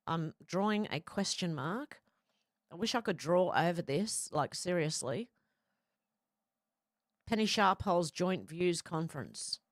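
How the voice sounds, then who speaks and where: A woman's voice: fairly low pitch, animated, slow, pauses often, dry recording, studio quality. A woman hosting casual news commentary, rambling and exclaiming with the odd swear. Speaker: commentary host.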